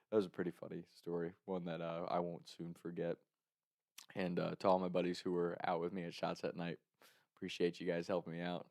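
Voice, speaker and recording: A young man tells a story in a relaxed, chatty way and breaks into small laughs along the way. His voice sits a bit low, and it sounds close and dry, with no room echo. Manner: chuckles often while telling a story. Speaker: podcast host. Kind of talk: casual storytelling.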